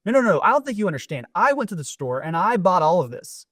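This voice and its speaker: A man's voice: high voice, big pitch swings, fast, fairly bright tone, dry recording, clean studio sound, full character voice. A man voicing a smug, pushy male neighbor who is emphatic and exasperated.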